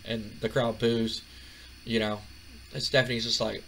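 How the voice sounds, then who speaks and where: A man's voice: on the low side, flat delivery, a little slow, long pauses, a bit bright, a little hiss or hum, poor audio. A man casually narrating a wrestling management game playthrough in a chatty, rambling way. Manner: chatty, rambling, many fillers. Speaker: gaming channel host.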